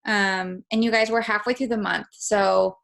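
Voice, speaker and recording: Brief: team leader on a video call, a woman with a gravelly, fry-laced voice, casual and filler-heavy, salty language. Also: mid-range voice, steady tone, moderate pace, a bit bright.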